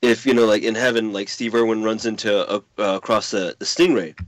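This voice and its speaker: A man's voice: lowish voice, fairly even intonation, brisk, dry recording. A man in casual podcast chat, rambling with many fillers and swearing. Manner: rambling, filler-heavy, profane.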